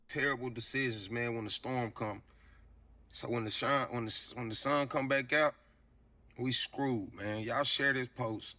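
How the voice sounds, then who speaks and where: A man's voice: medium pitch, fairly even intonation, unhurried, pushed and bright. A man talking casually to camera, rambling with lots of fillers.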